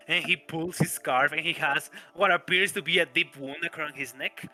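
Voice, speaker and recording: A man's voice: fairly high pitch, fairly even intonation, moderate pace, pushed and bright, soft background music. A man narrating a tabletop game as game master, in a loose, casual way.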